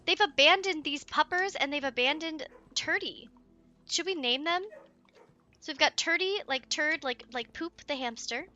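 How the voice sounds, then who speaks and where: High, bright, giggly woman gaming. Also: normal speed, highs cut off. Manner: excitable and giggly, gasping and cooing; chats to viewers and to in-game pets. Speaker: let's play streamer. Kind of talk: let's play commentary.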